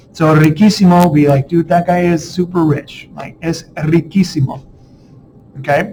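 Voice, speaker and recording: A man teaching a casual video lesson, relaxed and chatty, often checking in with the listener. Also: fairly high pitch, a little hiss or hum, low-quality recording. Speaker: Spanish teacher.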